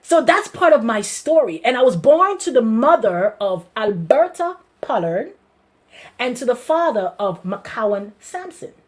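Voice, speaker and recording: Guyanese lady pastor telling her story, kinda high voice, animated, keeps restarting. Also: measured pace. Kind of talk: personal testimony to a congregation.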